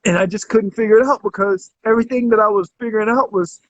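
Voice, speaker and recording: A man's voice: high voice, fast, no echo. A man in his thirties, a guest telling his story in a casual interview, rambling with many restarts. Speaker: guest, health coach. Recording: dull, dry lo-fi recording.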